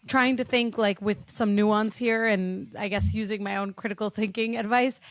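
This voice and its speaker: A woman's voice: mid-range voice, a bit bright, dry recording. A woman hosting a podcast, talking from a human resources view in a thoughtful way with fillers and hedges. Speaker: podcast host, HR leader. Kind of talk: conversational podcast talk.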